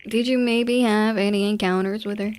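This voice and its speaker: A woman's voice: mid-range voice, steady tone, normal speed, darkish tone, natural voice. A woman voicing an eager, fame-seeking male ghost hunter in a game, talking in a chatty way.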